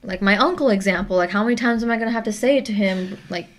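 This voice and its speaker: A young woman in a casual group discussion who often affirms the others and talks in a relaxed way. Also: mid-range voice, fast. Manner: frequent affirming backchannels. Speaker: podcast co-host.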